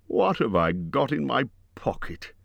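A man's voice: mid-range voice, sing-song, measured pace, gravelly, dry recording, highs cut off, voice pushed up, full character voice. A man voicing a small, anxious male hobbit, speaking earnestly in a raised, urgent voice. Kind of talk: audiobook character voice.

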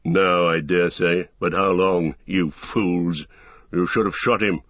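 A man's voice: deep voice, steady tone, slow pace, no echo. A man voicing a brutal, commanding orc captain who growls out orders, in a dull, muffled recording. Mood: scornful.

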